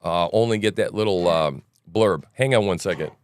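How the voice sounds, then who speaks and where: A man's voice: sits low, normal speed, a little hiss or hum. A male podcast host with a morning voice, rambling through casual livestream news commentary and tossing in "right?" asides and jokes.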